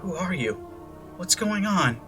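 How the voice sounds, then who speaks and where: A man voicing a frightened kidnapped teenage girl who speaks in a hushed, scared whisper in a storybook reading. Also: sits high, expressive, measured pace, over music, voice pushed up.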